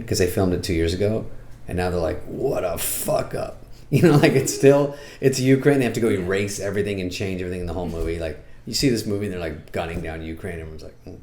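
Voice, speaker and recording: A middle-aged man doing a deadpan, sarcastic comic movie review in casual chat, now and then jumping into squeaky put-on voices. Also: a little hiss or hum.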